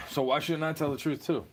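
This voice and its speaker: A man's voice: on the high side, a little hiss or hum. A young man in an aggrieved, profane rant to camera, talking straight at someone who wronged him. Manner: aggrieved, profane, repeatedly says "bro". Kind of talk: ranting monologue to camera.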